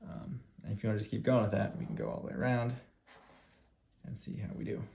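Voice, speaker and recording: A man teacher giving a calm, step-by-step classroom craft demonstration, repeating his cues. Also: on the low side, quick pace, vocal fry, heavy background noise.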